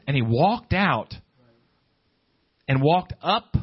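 A man's voice: on the high side, sing-song, slow, husky, highs cut off. A man preaching a sermon, often restarting his words and building in fervor. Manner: repetitive restarts, rising fervor.

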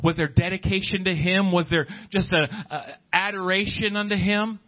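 A man's voice: high-pitched, fairly even intonation, moderate pace, lo-fi sound. A man preaching a sermon, often restarting his words and building in fervor. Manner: repetitive restarts, rising fervor.

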